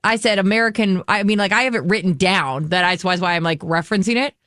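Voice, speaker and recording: A woman from Minnesota co-hosting a casual radio gossip chat, animated and quick with questions and opinions. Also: mid-range voice, no room sound, clean studio sound. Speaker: radio show co-host.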